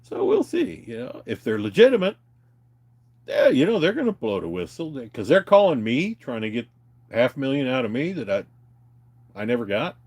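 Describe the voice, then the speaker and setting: A man's voice: mid-range voice, wildly swooping pitch, normal speed, darkish tone, breathy edge. A man venting in a heated, profane rant to his viewers, retelling a phone call. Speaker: vlogger.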